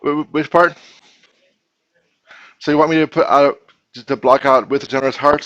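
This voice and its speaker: A man's voice: mid-range voice, fairly even intonation, moderate pace, long pauses, a bit bright, dry recording, highs cut off. A man teaching a grammar lesson to a class, patiently explaining step by step and asking his students questions.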